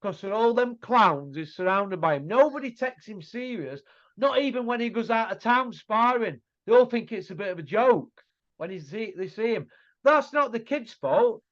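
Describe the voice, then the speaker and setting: Hosting an informal boxing chat, a middle-aged pundit speaks at a moderate pace in a high, expressive, fairly bright voice. He's blunt and scornful, leaning on rhetorical tag questions, and the recording is muffled and lo-fi.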